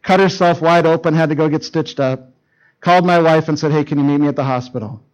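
With a slightly high voice and a quick pace, a middle-aged pastor from Canada delivers a sermon to teenagers, acting out a story's dialogue with urgency. The recording quality is low.

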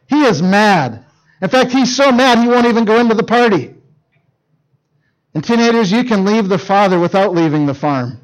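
Middle-aged male youth preacher, high-pitched, animated storyteller. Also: moderate pace, low-quality recording. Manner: animated storytelling, acting out quoted lines. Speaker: youth pastor. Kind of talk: sermon.

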